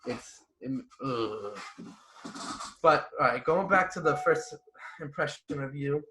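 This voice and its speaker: A young man hosting a podcast in casual chat, blunt, animated and full of profanity. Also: medium pitch, takes it slowly, noisy background. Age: young adult. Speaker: podcast host.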